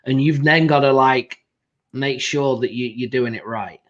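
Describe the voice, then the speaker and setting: A man's voice: mid-range voice, a little slow, muffled recording. A man with an English accent hosting a casual interview, rambling with lots of fillers and laughing easily. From England. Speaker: podcast host.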